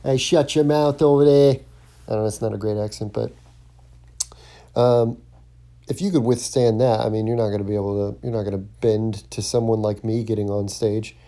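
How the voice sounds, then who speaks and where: A man talks on his own podcast in a loose, rambling monologue, full of fillers and false starts. His voice sits dark and mellow, with a gravelly edge at the bottom. The delivery stays casual and unscripted. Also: fairly low pitch, level tone, brisk. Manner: rambling, lots of ums and restarts. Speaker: podcast host, stand-up comic.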